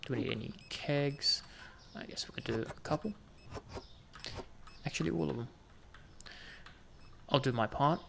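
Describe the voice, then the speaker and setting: Gravelly man chatting through gameplay. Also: medium pitch, unhurried, pauses often, fairly bright tone, a little hiss or hum. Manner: chatty, jokey banter with game customers. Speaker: gaming video host. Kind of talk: casual gameplay commentary.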